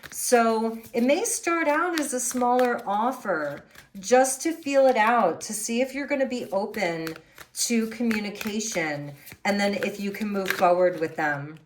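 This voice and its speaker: A woman's voice: a little high, expressive, a little slow, slight background noise. A woman doing a tarot reading, musing and thinking aloud as she turns over the cards. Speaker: tarot reader.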